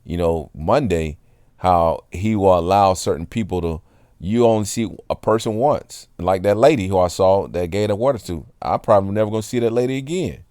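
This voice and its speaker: A man with a fairly low voice tells a personal faith testimony in a loose, conversational way. He rambles earnestly and keeps turning to the listener to check they understand. The sound is dry, with no room echo. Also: moderate pace, mellow, smooth. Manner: earnest, rambling, keeps asking "you know what I'm saying". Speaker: Christian testimony speaker; water delivery driver. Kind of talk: casual spoken testimony.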